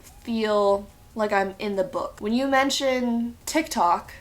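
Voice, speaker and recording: A woman's voice: mid-range voice, a bit bright. A woman in a casual sit-down chat, talking straight to viewers and acting out her own thoughts in quotes. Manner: chatty, talks straight to viewers. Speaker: book reviewer.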